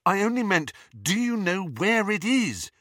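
A man's voice: high-pitched, sing-song, a little slow, a bit bright, no room sound, studio quality, pitched above the performer's own voice, heavily acted. A man voicing an urgent, determined teenage boy wizard in a storybook reading. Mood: pressing.

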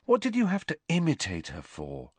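A man's voice: fairly high pitch, wildly swooping pitch, normal speed, slightly rough, dry recording, voice pushed up, full character voice. A man voicing a blunt, plain-spoken teenage boy close to his own voice. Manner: blunt, understated.

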